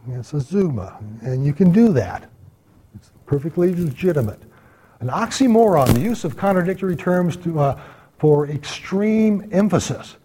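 Bible study guy talking to the class, warm low-key voice, lots of hall echo. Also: sing-song, normal speed, slightly rough. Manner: conversational, checks in with "okay?". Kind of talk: church Bible study lecture. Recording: long hall reverb.

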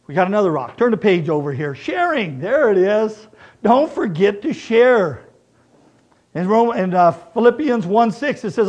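Middle-aged man, sermon, husky voice, fairly high-pitched, animated storytelling. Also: measured pace. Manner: animated storyteller, acting out both sides of a dialogue. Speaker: preacher. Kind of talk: sermon with personal stories.

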